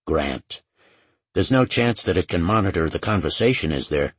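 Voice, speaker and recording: Brief: guarded woman agent, flat and low, read by a male narrator. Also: moderate pace, husky, no echo, heavily acted. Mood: wary.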